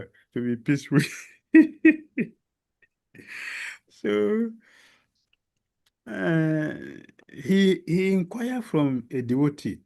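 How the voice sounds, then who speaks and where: A man giving a devotional lecture as a spiritual teacher, telling a story slowly and with emphasis, with many pauses and fillers. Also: a little high, warm tone. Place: lecture hall.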